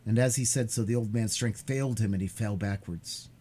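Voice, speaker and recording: Man, live read-aloud narration, husky, expressive. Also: on the low side, fairly quick. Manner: expressive, occasional stumbles. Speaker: streamer reading a novel aloud. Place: home streaming setup.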